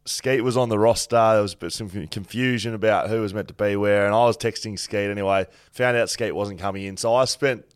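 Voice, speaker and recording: A man's voice: fairly low pitch, fairly even intonation, brisk, hardly any pauses, clear, resonant tone, dry recording, studio quality. An Australian man hosting a podcast in casual chat, with jokey, teasing banter. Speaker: podcast host.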